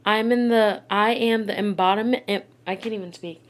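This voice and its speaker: A woman's voice: mid-range voice, steady tone, normal speed. A young woman vlogging casually, rambling in frustration with many fillers, close to tears and short of breath. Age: young adult. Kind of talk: casual vlog chat.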